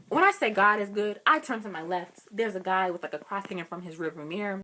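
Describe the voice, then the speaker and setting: A young woman vlogger tells a personal story in a casual, chatty way. She acts out every quote with sudden jumps up in pitch. Faint background noise sits under her voice. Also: fast talker, few pauses.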